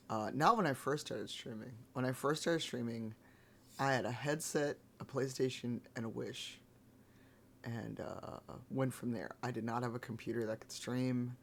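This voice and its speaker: A man streaming live, chatting casually with viewers in a rambling, laid-back way, his voice gravelly this morning. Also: mid-range voice, a little hiss or hum. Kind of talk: casual chat.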